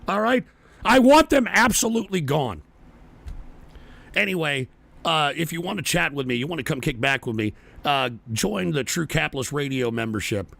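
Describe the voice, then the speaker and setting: Hoarse guy ranting on his live politics show, swears a lot, gravelly, voice swings all over. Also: fairly high pitch, a bit bright, no echo. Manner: profane, angry ranting at chat. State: hoarse, strained throat. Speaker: political talk show host. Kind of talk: livestream political rant.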